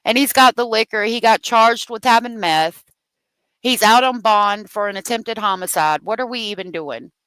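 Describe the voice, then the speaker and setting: A woman's voice: on the high side, normal speed, fairly bright tone, smooth, no room sound, poor audio. A woman hosting a true crime livestream, heated and profane as she talks, thanking viewers for their donations. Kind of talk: angry live commentary.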